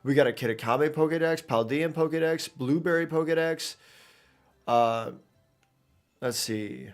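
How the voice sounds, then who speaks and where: With faint music behind him, a man with a somewhat high voice speaks a little slowly as he streams a video game. He gives casual live gameplay commentary, rambling with lots of fillers and restarts.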